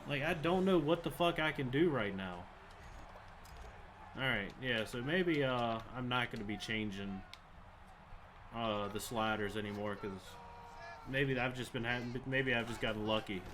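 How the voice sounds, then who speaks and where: A man's voice: medium pitch, a little slow, long pauses, noisy background. A young man giving live commentary over a football video game, frustrated and swearing as he rants about the plays. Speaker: gaming channel host.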